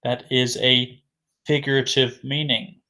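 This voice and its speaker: A man's voice: medium pitch, level tone, measured pace, pushed and bright. A man teaching an English vocabulary lesson who repeats key words and asks questions before answering them himself.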